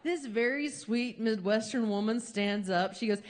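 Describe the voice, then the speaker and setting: A woman telling a long comic story on stage as a stand-up comedian, animated and jumping high in pitch when she acts out quotes. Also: measured pace.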